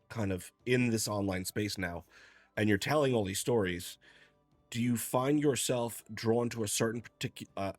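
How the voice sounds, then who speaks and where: A man hosting an interview, asking relaxed, halting questions with restarts. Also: on the low side, no echo. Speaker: interview host. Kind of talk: casual interview.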